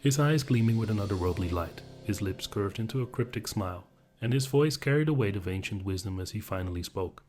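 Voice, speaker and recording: A man narrating horror stories in an even, measured storytelling voice. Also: on the low side. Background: background music.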